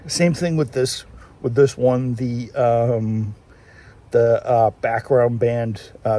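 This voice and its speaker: A man's voice: medium pitch, mellow, a little hiss or hum. A man chatting casually in a walking vlog, rambling and restarting often, recorded on a handheld phone outdoors. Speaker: vlogger. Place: outdoors, walking through town.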